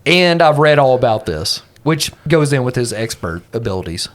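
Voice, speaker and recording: A man playing in a comedic tabletop game, delivering dry, deadpan asides. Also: mid-range voice, normal speed. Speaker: player. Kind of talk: comedic tabletop role-play.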